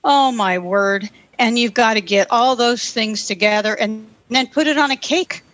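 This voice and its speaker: A woman's voice: a little high, moderate pace, fairly bright tone, no room sound. A woman giving an exasperated comic rant over a video call. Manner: exasperated, exclaiming. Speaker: game participant.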